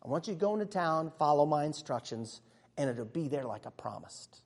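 A man voicing Jesus in a stage monologue, calm, reassuring and slow. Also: a little high, pitched below the performer's own voice. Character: calm, gentle adult male Jesus speaking with authority. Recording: long reverb of a large hall.

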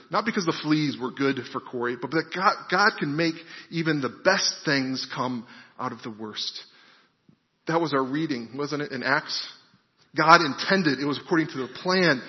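Guy preaching a sermon, asks a lot of questions, repeats himself, big echoey hall, kinda muffled. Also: on the high side. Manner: preaching with rhetorical questions and repetition. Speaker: pastor.

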